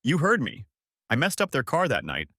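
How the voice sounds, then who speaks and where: A man's voice: medium pitch, huge pitch swings, moderate pace, pushed and bright, dry recording, studio quality, voice pushed up, heavily acted. A man voicing a bitter, vengeful former friend who speaks in a sneering, spiteful way.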